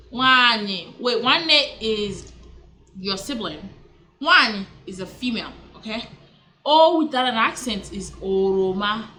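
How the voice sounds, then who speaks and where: This language teacher's voice is fairly high, pushed and bright. She runs a casual vlog lesson on words, saying each one slowly more than once, chatting and fixing her own mistakes as she goes.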